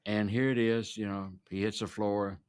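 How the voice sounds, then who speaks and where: A man's voice: lowish voice, flat delivery, normal speed, darkish tone, clear, resonant tone. A man interviewed for a documentary, recounting a memory in blunt, plain-spoken words.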